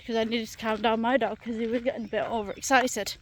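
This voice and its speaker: British woman, fairly high voice, chatty and exasperated, outdoors walking, faint outdoor ambience. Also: level tone, fast talker, slight background noise. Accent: British English. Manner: chatty, exasperated, lots of fillers. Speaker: vlogger. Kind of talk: ranting storytime vlog. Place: outdoors on a countryside path.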